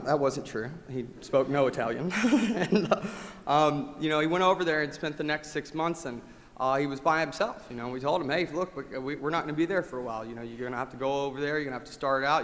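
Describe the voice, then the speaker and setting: Guy giving an award speech at a rally, fired up then soft, mid-pitched voice, long echo off the hall. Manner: impassioned, swinging from loud rallying cries to quiet gratitude. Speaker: award speaker at a company rally. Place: large event hall.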